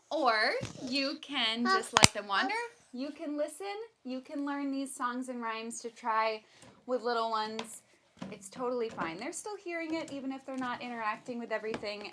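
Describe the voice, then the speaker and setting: A children's museum educator with a voice on the high side leads a baby storytime from home, speaking playfully to caregivers and to her toddler. Background noise can be heard.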